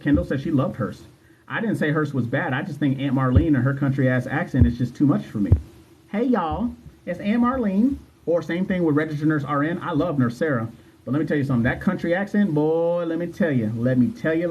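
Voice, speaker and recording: Male livestream host, exam coach, husky voice, casual and repetitive, muffled lo-fi audio. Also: medium pitch. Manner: chatty, loose, repeats phrases, slangy asides. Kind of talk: casual livestream chat reading viewer comments.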